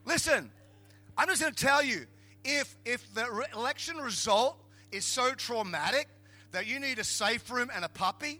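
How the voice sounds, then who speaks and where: A middle-aged Australian man preaching a humorous sermon as a pastor, telling jokey stories in an animated way and building to emphatic shouts. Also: very high voice, normal speed.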